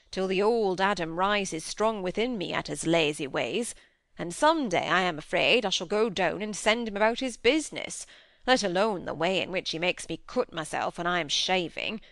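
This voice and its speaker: A woman's voice: on the low side, vocal fry, a bit bright, no echo, studio quality. A woman voicing a grave, pious middle-aged male minister and farmer who speaks in an earnest, solemn, preaching cadence.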